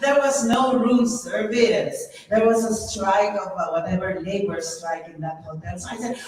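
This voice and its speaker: A woman's voice: mid-range voice, moderate pace, few pauses. A Filipina singer telling funny stories on a concert stage, acting out the voices of people she met and laughing along with them. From Philippines. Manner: animated, mimics voices, laughs at own jokes. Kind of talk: stand-up storytelling in a concert. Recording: distant echoey live hall with faint ambience.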